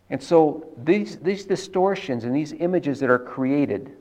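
A man preaching a sermon in an earnest, measured teaching manner, stressing key words with repetition. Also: medium pitch, vocal fry, darkish tone, dull audio.

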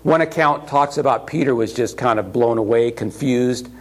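A man delivers a sermon with a husky, breathy voice. He preaches in a conversational way and slips into the voices he quotes. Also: medium pitch, moderate pace. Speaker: pastor.

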